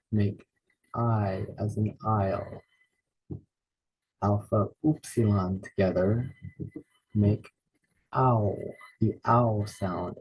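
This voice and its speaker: A man teaching a lesson, saying each word slowly and repeating it with care. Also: lowish voice, a little hiss or hum, rough recording. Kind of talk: slow spoken lesson naming Greek letters.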